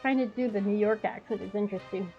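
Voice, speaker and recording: A woman streaming a game, making quiet musing asides as she plays. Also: mid-range voice, fast, highs cut off, faint music behind. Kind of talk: casual gameplay commentary.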